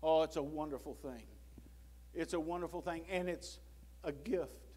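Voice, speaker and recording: A man preaching a sermon in a church, swinging from loud pleading to hushed low tones and acting out prayers and God's words. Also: moderate pace, husky. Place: church sanctuary.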